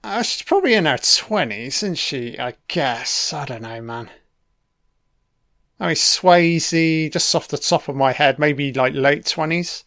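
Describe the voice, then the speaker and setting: A man's voice: fairly high pitch, expressive, measured pace, a bit bright, no echo, studio quality. A man giving a casual, laid-back film commentary, swearing often and talking back to the characters on screen.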